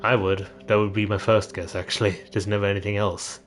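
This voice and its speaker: A man's voice: lowish voice, flat delivery, brisk, faint music behind. A man streaming a game, making dry, sarcastic comments as he plays. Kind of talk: casual gameplay commentary.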